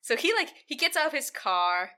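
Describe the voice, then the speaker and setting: A woman's voice: sits high, big pitch swings, moderate pace, bright, forceful tone. A woman recapping a film in casual chat, swearing freely and acting out the characters' lines. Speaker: podcast co-host recapping a film.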